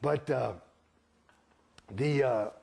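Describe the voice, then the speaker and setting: A man's voice: medium pitch, very slow, vocal fry, a little mellow, slightly rough. A man giving a candid interview, talking in an emphatic, profane, rambling way with many restarts. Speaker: interviewee, former church member.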